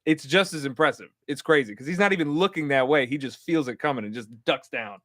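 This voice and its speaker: A man on a live podcast who talks quickly and moves the chat on to new topics. His pitch is mid-range, and the sound is dry and close to the mic. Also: pushed and bright, no echo. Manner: brisk, reads out viewer comments.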